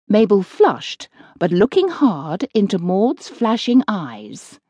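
A woman narrating a children's audiobook in an unhurried, expressive storytelling manner, in a close dry studio recording. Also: on the low side, slightly rough, no room sound, lo-fi sound.

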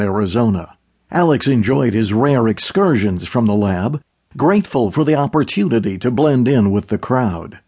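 A man narrating an audiobook in a steady, measured way. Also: medium pitch, breathy edge. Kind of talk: scripted narration.

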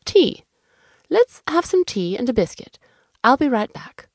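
A woman's voice: fairly high pitch, sing-song, unhurried, no echo, studio quality, pitched above the performer's own voice, full character voice. A woman doing a chirpy young aristocrat sleuth. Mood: excited. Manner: chirpy, fussy and very British-polite. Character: eager, excitable young aristocratic male detective. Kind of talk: children's audiobook narration.

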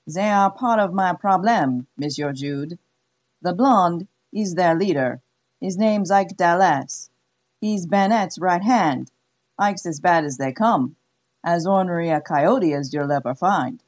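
A woman's voice: fairly low pitch, slow, a little mellow, lo-fi sound. A woman voicing a haughty middle-aged French-Canadian brothel madam with a put-on French accent, cool and commanding. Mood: stern.

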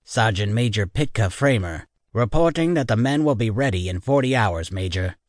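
A man's voice: fairly low pitch, animated, normal speed, no room sound, clean studio sound, natural voice. A man voicing a stern, by-the-book male sergeant major in an audiobook, with clipped military formality.

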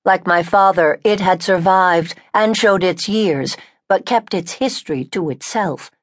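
A woman narrating an audiobook in a slightly low voice, steady and measured. The sound is close and dry, with no room around it. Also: dry recording. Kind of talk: scripted first-person narration. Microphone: close studio mic.

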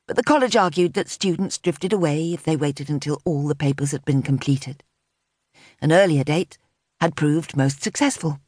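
Low-pitched for a woman, this narrator delivers scripted narration of a contemporary novel at an even, measured pace. It's an audiobook recording captured close up and dry, free of any room sound.

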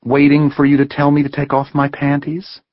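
A man's voice: fairly high pitch, monotone, normal speed, no room sound, lo-fi sound, pitched above the performer's own voice, natural voice. A man reading an audiobook voices a sleepy, teasing young woman in a raised, lighter voice.

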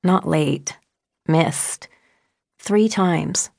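A woman voicing a composed teenage girl who speaks steadily and flatly. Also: deep voice, extremely slow, gravelly, dry recording, clean studio sound, exaggerated voice. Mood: calm. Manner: flat and composed.

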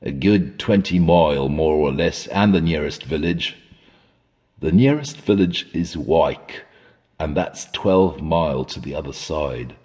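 A male audiobook narrator voicing a sulky, gruff old rustic man who growls his curt replies. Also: very deep voice, measured pace, darkish tone, voice pushed down. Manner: sulky, curt rural speech. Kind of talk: audiobook character voice.

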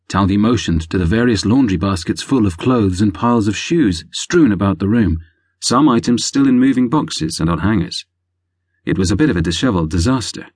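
Romance audiobook narrator, male, deep and wry, close dry studio sound. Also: brisk, slightly rough, dry recording. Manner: lively, wry storytelling. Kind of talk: scripted narration.

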